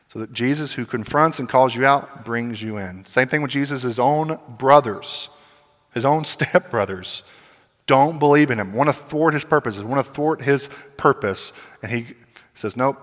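A man preaching a sermon as pastor, with animated swings between loud emphasis and quiet asides. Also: mid-range voice, moderate pace. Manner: casual filler "like" in personal asides. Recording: long hall reverb.

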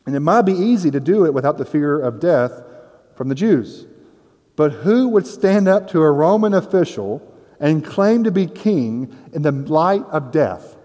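A man's voice: a little high, expressive, a little slow, mellow. A man preaching a conversational sermon, explaining scripture in a casual, explanatory way with playful asides. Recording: long hall reverb.

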